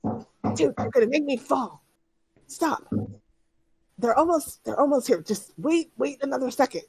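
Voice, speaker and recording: A woman voicing panicky bandits hiding in a tree, in a loud frantic whisper. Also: sits high, lively intonation, unhurried, vocal fry, husky, dry recording, voice pushed up, exaggerated voice.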